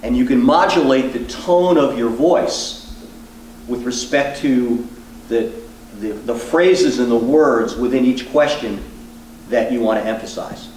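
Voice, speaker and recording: Man, law professor, deliberate measured pauses, echoey room, heard from a distance. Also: medium pitch, darkish tone, slight background noise. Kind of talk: teaching demonstration.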